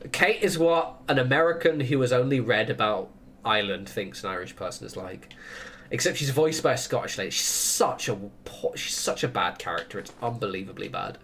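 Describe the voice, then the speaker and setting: A man's voice: medium pitch, animated, normal speed, fairly bright tone, slight background noise. A man chatting casually while streaming a game, rambling through opinionated tangents and laughing often. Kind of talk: casual chat while gaming.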